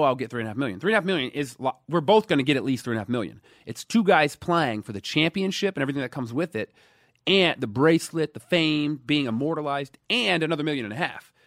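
A man in his thirties from Dallas, telling stories in a casual interview, animated, swinging between loud emphasis and quiet asides. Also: mid-range voice, dry recording, clean studio sound. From Dallas, USA. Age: 30s. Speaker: guest.

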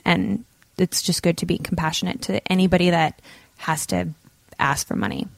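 A woman's voice: lowish voice, fairly even intonation, normal speed, gravelly, no room sound. A young woman co-hosting a podcast in casual chat, talkative and full of "like". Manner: chatty, says "like" often. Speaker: podcast co-host.

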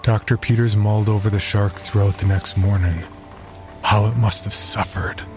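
Deep voiced guy reading a creepy story, loud music under him. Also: steady tone, normal speed. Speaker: narrator. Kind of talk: scripted horror story narration. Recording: narration over loud music.

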